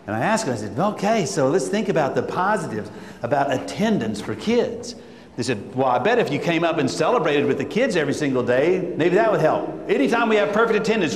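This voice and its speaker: A man giving an animated talk to educators, telling stories, acting out quotes and leading chants with his audience. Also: fairly high pitch. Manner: lively, acts out quotes and leads call-and-response chants. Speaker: school administrator speaking to educators. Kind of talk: animated conference talk with storytelling. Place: large hall. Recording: echoey hall with long reverb.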